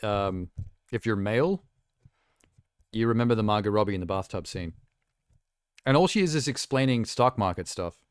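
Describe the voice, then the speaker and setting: A young man hosts a live stream in an easy, rambling chat, full of self-amused asides. His voice sits on the low side and sounds smooth and clear. The sound is close and dry, with almost no room echo. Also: moderate pace, long pauses. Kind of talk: casual chat while reacting to trailers.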